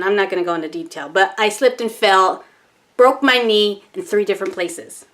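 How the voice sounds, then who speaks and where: A woman's voice: mid-range voice, fairly bright tone. A woman vlogging in a casual, chatty way, telling a personal story, acting out her own panicky thoughts and laughing at herself.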